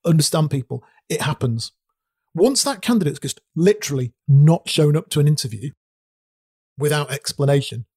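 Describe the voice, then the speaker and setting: Husky man, emphatic. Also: fairly high pitch, mellow, no echo, clean studio sound. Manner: emphatic, repeats words for stress. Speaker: podcast co-host, recruiter. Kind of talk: casual chat.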